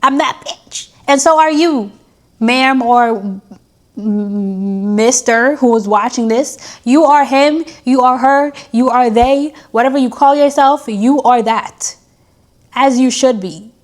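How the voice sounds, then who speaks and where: A woman's voice: a little high, slow pace, a little mellow. A young woman vlogger in a candid diary-style talk to camera, chatty and self-mocking as she gives an emotional pep talk.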